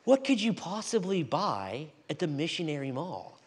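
A man preaching in a church, telling a story with animated swings between loud and hushed delivery. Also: on the high side, normal speed, slightly rough. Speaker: guest preacher. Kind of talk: storytelling sermon.

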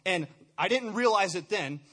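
A man's voice: high voice, animated, moderate pace, sharp tone, slightly rough. A young man giving an earnest personal testimony, often stumbling over repeated words. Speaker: speaker sharing a testimony.

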